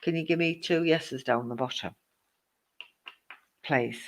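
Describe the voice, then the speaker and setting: A man's voice: a little high, measured pace, a bit bright. A man giving a live-streamed psychic reading, reassuring the viewer with endearments and greeting others as they join. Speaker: psychic medium.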